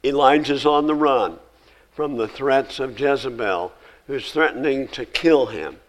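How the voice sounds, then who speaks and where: A male pastor preaching a sermon, reading scripture with rising emphasis and dropping to quiet, conversational asides. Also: mid-range voice, measured pace, rough recording.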